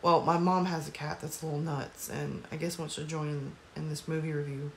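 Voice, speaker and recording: A woman's voice: sits low, fairly even intonation, fairly quick, creaky, slight background noise. A woman casually recapping a movie's plot at home, rambling with lots of fillers and apologetic asides. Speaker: movie reviewer.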